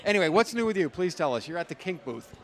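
A man's voice: high voice, sing-song, fast talker. A man hosting a podcast at an expo, chatting and joking loosely with guests and often restarting his sentences. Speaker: podcast host interviewing at an expo. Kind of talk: casual interview chat.

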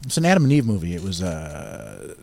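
Fast-talking man telling a wild story. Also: low voice, gravelly, no room sound. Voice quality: crude, profane. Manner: animated storytelling, acts out quoted voices loudly. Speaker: guest storyteller. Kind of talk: casual podcast chat.

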